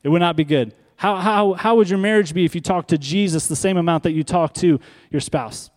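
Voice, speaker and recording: A man preaching a sermon as pastor, stressing and repeating key words and slowing down for emphasis, speaking in a church sanctuary. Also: sits high. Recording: long hall reverb.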